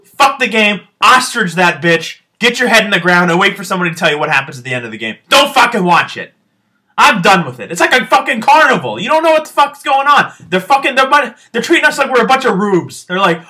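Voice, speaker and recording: A man's voice: sits high, moderate pace. A man hosting a podcast, delivering a profane, sarcastic sports rant. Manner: animated, swearing, sarcastic. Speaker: podcast host.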